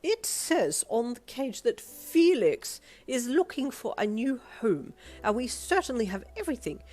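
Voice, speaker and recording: A woman's voice: a little high, sing-song, unhurried, darkish tone, pitched above the performer's own voice. Woman playing a pompous, snobbish rich lady. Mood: cold, sneering. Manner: pompous, disdainful.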